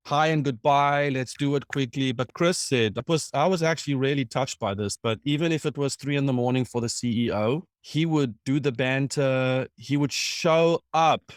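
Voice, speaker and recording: A man who has been a CTO, telling a story in a panel conversation, with halting restarts. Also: medium pitch, no room sound, studio quality. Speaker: former CTO. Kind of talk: conversational anecdote.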